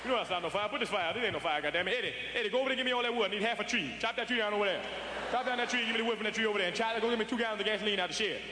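A man's voice: high-pitched, rapid-fire, voice pushed up, lightly acted. A man playing a bossy middle-aged uncle who takes over the grill and barks orders at the family. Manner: loud, commanding, barking orders. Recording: echoey hall with audience noise.

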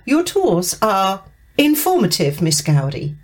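A woman's voice: mid-range voice, wildly swooping pitch, takes it slowly, full character voice. A woman reading a story aloud and voicing a stern, pushy female programme director in a firm, bossy manner.

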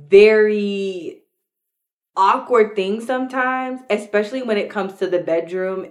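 A young adult woman co-hosting a podcast in frank, casual chat, speaking literally and calling listeners "y'all". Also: lowish voice. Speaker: podcast co-host with her husband.

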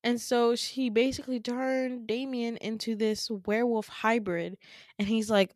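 A woman's voice: on the high side, level tone, a little slow, no room sound, clean studio sound. A young woman, a podcast host, tells a dream story casually, with lots of fillers and laughing asides.

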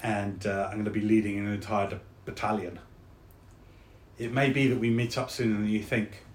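Man doing a soft-spoken South London soldier. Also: lowish voice, flat delivery, moderate pace, reverberant, slight background noise, lightly acted. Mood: earnest. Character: soldier friend, man, gruff and warm-hearted.

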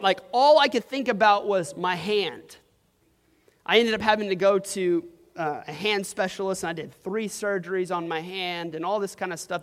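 A young man preaching a sermon to a congregation, telling a personal story casually with lots of "like" and "um.". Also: sits high. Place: church hall. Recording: long reverb of a hall.

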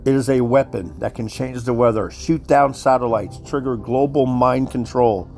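A male commentator gives a heated, profane conspiracy rant, worked up and repeating himself as he addresses his listeners. His mid-range voice has a darkish tone at a moderate pace, with soft background music behind him.

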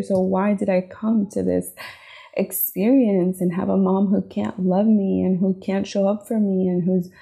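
Young woman podcast host, warm low-key tone with vocal fry, earnest confessional delivery. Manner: earnest, heartfelt, frequent "right?" and "like". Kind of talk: reflective personal podcast monologue.

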